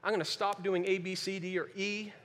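A male pastor preaches in a fairly high voice, his sound carrying a long reverb from the church sanctuary. He drops to quiet, earnest stretches, then rises to loud emphasis, repeating his key phrases to drive them home. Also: little pitch movement, fairly quick. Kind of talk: sermon. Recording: long reverb of a large hall.

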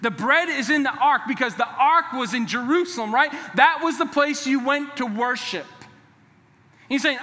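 A pastor preaching a sermon in a church, emphatic and conversational, sometimes dropping to a hushed, earnest tone. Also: male voice, very high-pitched, lively intonation, normal speed. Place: church sanctuary. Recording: long hall reverb.

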